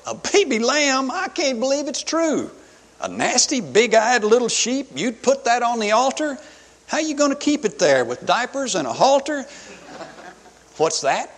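A man's voice: very high voice, very animated, a little slow, voice pushed up, heavily acted. A man voicing Cain as a boastful, brash farmer, reciting his lines in a sing-song rhyming brag. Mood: mocking. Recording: long hall reverb.

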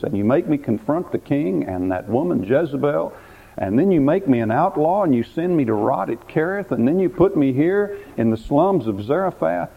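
A man voicing an anguished old male prophet, pleading and crying out to God in a rising, slow lament. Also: on the high side, vocal fry, pitched above the performer's own voice. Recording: tinny phone-like recording, faint hiss.

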